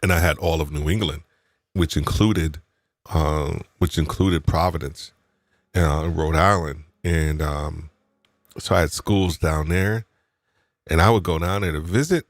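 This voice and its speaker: A man from New York talks in a very low, deep voice on a live podcast. He rambles in an animated way and keeps restarting his sentences. The sound is dry and close. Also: a little slow, long pauses, no room sound. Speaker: podcast co-host. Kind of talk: casual live podcast chat.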